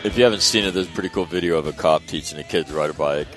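A middle-aged man hosts a casual talk radio show. His voice sits very low, and he tells stories animatedly, swearing freely and loudly acting out the voices in them. Faint music plays underneath. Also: racing.

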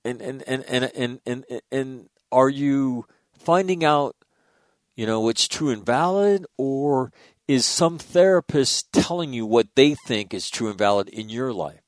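A man's voice: mid-range voice, expressive, unhurried, dry recording, clean studio sound. A man hosting a talk radio show, speaking bluntly and emphatically, with swearing and frequent restarts. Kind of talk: casual talk radio commentary.

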